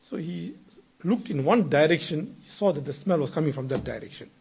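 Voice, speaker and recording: A man giving a sermon, telling moral stories and building from quiet narration into emphatic exhortation. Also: fairly high pitch, animated, fairly quick, creaky, slight background noise. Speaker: preacher. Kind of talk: storytelling sermon.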